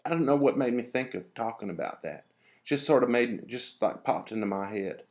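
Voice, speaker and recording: A man's voice: medium pitch, animated, moderate pace. A man telling a meandering, digressive story to camera, restarting his sentences and grumbling about rude people. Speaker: vlogger. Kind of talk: casual rambling monologue to camera.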